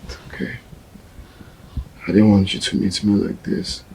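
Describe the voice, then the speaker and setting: A man's voice: flat delivery, unhurried, gravelly, mellow, slight background noise, low-quality recording. An actor with a Nigerian accent playing a young man mourning a sudden death in a film. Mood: mournful. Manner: subdued, mournful, low.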